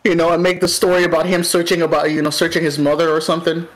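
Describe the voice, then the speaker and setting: High giggly man chatting. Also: monotone, very fast, poor audio. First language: not English. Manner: giggly, laughs often. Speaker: stream guest. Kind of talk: casual chat over a game stream.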